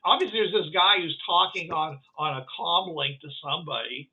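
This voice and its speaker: Male game master, halting delivery, slightly high voice, phone-quality audio. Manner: halting, full of restarts and fillers. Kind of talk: narrating a tabletop game. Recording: tinny phone-like line.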